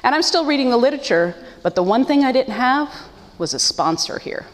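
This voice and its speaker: A woman's voice: high voice, lively intonation, fairly quick, a little hiss or hum. Woman speaker, heartfelt personal share, choked up at times, recorded in a reverberant hall. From United States. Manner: earnest, emotional, with self-deprecating laughs. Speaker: speaker sharing her story at a support meeting. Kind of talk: personal testimony.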